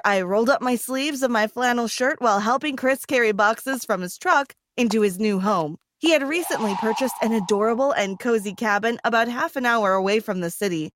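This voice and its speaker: A woman narrating a scripted first-person story in a calm, even way. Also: mid-range voice, no echo, clean studio sound.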